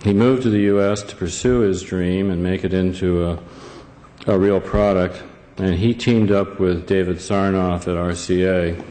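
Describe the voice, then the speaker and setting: Deep-voiced man presenting in a hall. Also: steady tone, moderate pace, dark tone. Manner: hesitant, many fillers and restarts. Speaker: event presenter. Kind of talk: live presentation to an audience. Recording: echoey hall, faint ambience.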